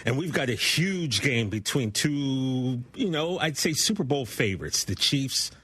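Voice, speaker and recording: A man's voice: medium pitch, lively intonation, a little slow, bright, forceful tone, slightly rough, no room sound. A man on a sports talk radio show, easygoing, with a bit of dry sarcasm.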